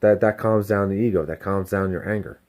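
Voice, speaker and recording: Mellow-voiced man rambling candidly. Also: deep voice, fairly even intonation, fairly quick. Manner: rambling, candid, self-reflective, swears freely. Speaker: delivery driver. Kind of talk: casual self-help vlog monologue.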